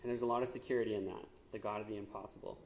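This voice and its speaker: A man's voice: fairly low pitch, steady tone, rapid-fire, darkish tone, echoey room, slight background noise. A man, likely in his thirties, giving a conversational sermon with frequent fillers and asides, as the church's pastor.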